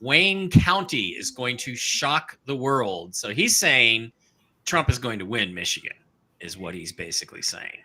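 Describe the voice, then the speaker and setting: An older man hosting a live online show, chatting casually and rambling with halting restarts. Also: medium pitch, very animated, bright, forceful tone. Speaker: host.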